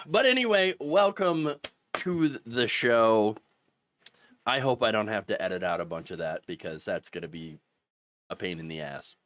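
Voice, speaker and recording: A man hosting a live-stream political show through a bout of hiccups. His pitch swings widely, and the sound is dry and close. He talks casually, laughs at himself and often stops to restart. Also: lively intonation, measured pace, pauses often, a bit bright, dry recording. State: has the hiccups. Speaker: political commentary host.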